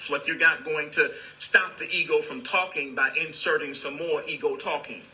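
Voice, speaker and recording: A man speaking as a spiritual teacher, calm and repetitive, who addresses his listeners as "beloved". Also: a little high, moderate pace, a little hiss or hum, rough recording. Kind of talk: spiritual talk.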